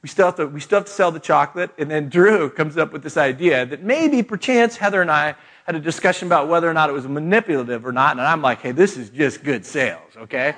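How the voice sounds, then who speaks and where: A man's voice: on the high side, a bit bright. A middle-aged man speaking at a retreat, telling a funny family story with self-mocking jokes and laughter. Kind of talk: humorous retreat talk.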